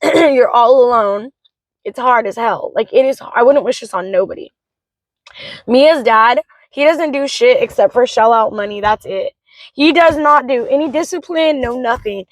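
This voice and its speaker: A woman's voice: a little high, moderate pace, no echo, rough recording. A young woman and mother venting in an emotional vlog, talking frankly with plenty of swearing. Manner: vents in a frank, swearing rush. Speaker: vlogger, mother of three.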